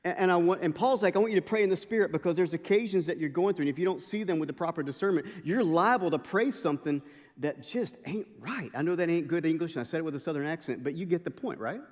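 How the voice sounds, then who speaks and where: A man's voice: a little high, rapid-fire, few pauses. Man preaching in a reverberant chapel. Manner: animated storytelling, frequent restarts and "like". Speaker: guest chapel speaker. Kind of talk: conversational sermon. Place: university chapel. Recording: long reverb of a large hall.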